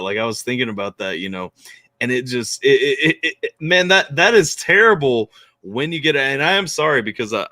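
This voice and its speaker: A man hosting a casual remote chat, talking in a rambling, animated way with lots of restarts. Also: fairly low pitch, dry recording. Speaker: podcast host.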